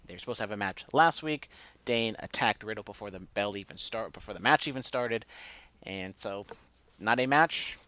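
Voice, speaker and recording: A man's voice: on the low side, lively intonation, normal speed, pushed and bright. A man casually recapping a wrestling show as a podcast co-host, joking and ranting with mock outrage.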